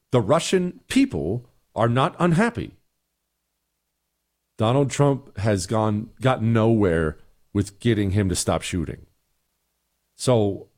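A man's voice: medium pitch, a little mellow. A middle-aged man hosting a talk show, giving blunt, exasperated opinions and answering listener emails.

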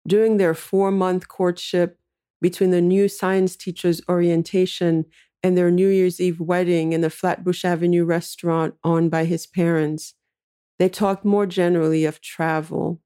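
A woman reading a literary short story aloud in a measured, unhurried narration. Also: on the low side, little pitch movement, dark tone, clean tone.

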